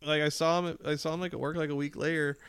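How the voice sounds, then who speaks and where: A man co-hosting a podcast in casual chat, crude and animated, acting out quotes in silly voices. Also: on the high side, rapid-fire, smooth, no echo, studio quality. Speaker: podcast co-host.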